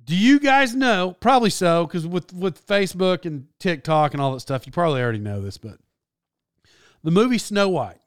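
A man talking in a casual solo monologue. He rambles, restarts and corrects himself, with animated bursts. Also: sits high, moderate pace, dry recording, studio quality.

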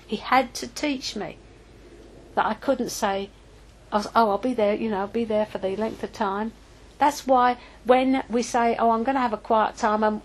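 An older woman preaching in a relaxed, conversational way. She tells personal stories and often stops to correct herself, at a medium pitch. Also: slightly rough, poor audio. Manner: chatty and anecdotal, with self-corrections. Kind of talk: informal teaching talk.

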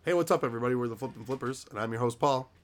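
A man's voice: mid-range voice, rapid-fire. A man co-hosting a casual podcast, chatty and rambling with lots of fillers, often laughing. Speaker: podcast co-host.

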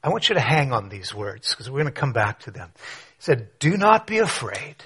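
A man preaching a conversational sermon, telling a story with rhetorical questions and quiet asides. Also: mid-range voice, animated, fairly quick, breathy edge. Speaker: pastor.

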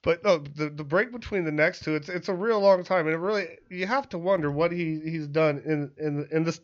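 High-voiced laid-back man co-hosting. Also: fairly quick. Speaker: podcast co-host. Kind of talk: casual chat. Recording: dull lo-fi sound.

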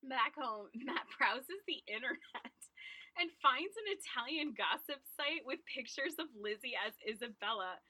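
A woman's voice: sits high, expressive, unhurried, sharp tone, breathy edge, dry recording, rough recording. A woman co-hosting a podcast, recapping a movie plot in casual chat with frequent laughs and swearing. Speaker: podcast co-host.

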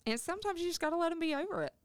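A man talking as a parenting counselor on a podcast, calm and often laughing, acting out the phrases parents could say. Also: very high-pitched, rapid-fire, no room sound. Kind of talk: podcast conversation.

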